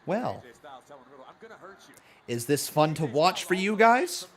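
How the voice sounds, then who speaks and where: Excitable, jokey male streamer. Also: a little high, slow. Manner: excitable, jokey, self-mocking. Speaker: wrestling watch-along streamer. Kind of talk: live-stream reaction commentary.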